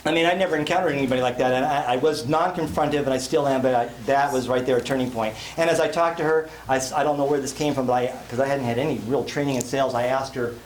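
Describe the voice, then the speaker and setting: A man's voice: mid-range voice, fairly even intonation, fast talker, hardly any pauses. A man giving a live sales seminar at a conference, telling folksy, self-deprecating stories with jokes. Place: conference hall before an audience. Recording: echoey live hall, faint room noise.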